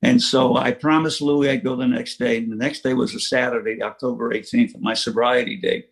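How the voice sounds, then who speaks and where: A man's voice: mid-range voice, fairly even intonation, brisk, gravelly, breathy edge. Plain-spoken older man telling his story. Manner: plain-spoken storytelling with frequent restarts and chuckles. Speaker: recovery meeting speaker. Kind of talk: personal recovery story at a meeting. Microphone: online meeting from home.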